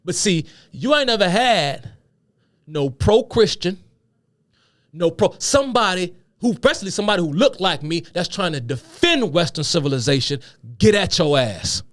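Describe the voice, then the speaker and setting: A man's voice: sits high, animated, normal speed, dry recording, studio quality. A man speaking hosts a solo political commentary, reading quotes aloud and breaking off into heated, profane rants. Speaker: commentary host.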